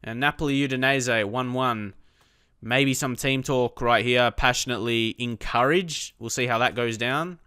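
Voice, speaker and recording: A young man chatting through live gameplay, talking to himself and his viewers and erupting in frustrated shouts at his players. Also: mid-range voice, normal speed, smooth, dry recording, studio quality. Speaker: gaming YouTuber.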